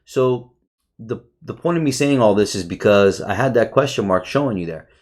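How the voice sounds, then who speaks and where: Profane, excitable man reviewing charts. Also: on the low side, normal speed. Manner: excitable, profane, talks to viewers as bro. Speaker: trading educator. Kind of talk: casual screen-share chart review.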